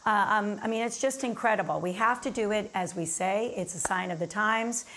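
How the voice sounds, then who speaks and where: A woman hosting a daytime TV show in a studio, chiming in with quick agreement and easy remarks. Her voice sits at a middle pitch. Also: a bit bright, a little hiss or hum. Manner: responsive, affirming interjections. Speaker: TV show host. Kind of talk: casual TV interview chat.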